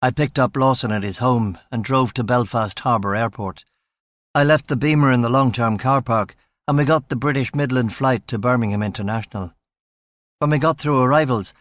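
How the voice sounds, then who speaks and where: A man reading a crime novel in the first person, in a measured, dry, matter-of-fact way. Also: medium pitch, no echo. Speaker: audiobook narrator. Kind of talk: scripted first-person audiobook narration.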